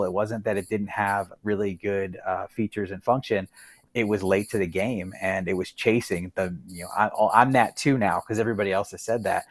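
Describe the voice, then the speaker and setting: Low-voiced man sounding off as guest. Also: dry recording. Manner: animated, opinionated, tags points with "right?". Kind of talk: casual interview talk.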